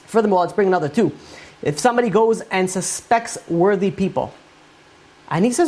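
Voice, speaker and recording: A woman teaching a Torah lecture, telling stories in a lively way with many fillers and restarts. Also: mid-range voice, fairly quick.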